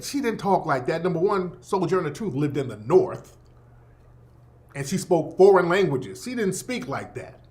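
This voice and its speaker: A man's voice: high-pitched, lively intonation, normal speed. A man hosting a radio show, delivering a blunt, profane, emphatic opinion monologue. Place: Los Angeles.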